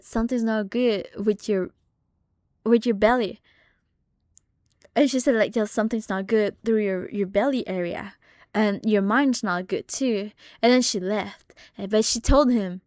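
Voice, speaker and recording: A young woman streamer telling family stories in casual, swear-heavy chat, animated and laughing often. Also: on the high side, no room sound, studio quality. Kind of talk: casual storytelling on a live stream.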